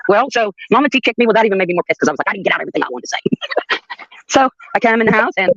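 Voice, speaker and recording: A woman's voice: medium pitch, lively intonation, racing, vocal fry, fairly bright tone, no echo, highs cut off. An older woman telling a story on her livestream in a blunt, profane way, with laughs between her sentences. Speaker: livestream host. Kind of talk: casual storytelling.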